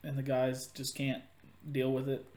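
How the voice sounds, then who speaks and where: A man co-hosting a casual podcast, cracking crude jokes as he comments on wrestling. His voice is mid-pitched and the recording carries a roomy echo. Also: monotone, measured pace, a little mellow, a little hiss or hum. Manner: joking, crude banter. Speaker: podcast co-host. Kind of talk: casual chat watching wrestling.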